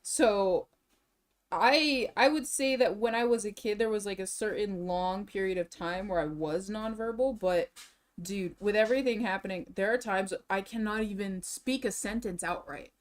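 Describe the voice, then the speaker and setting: A young woman streamer chatting casually in a rambling way, restarting her sentences often and swinging between tired and excited. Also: medium pitch, moderate pace. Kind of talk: casual chat.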